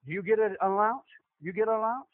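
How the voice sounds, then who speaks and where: A man's voice: high-pitched, rapid-fire. A middle-aged man preaching a sermon, with an emphatic, repetitive cadence. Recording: tinny phone-like lo-fi audio.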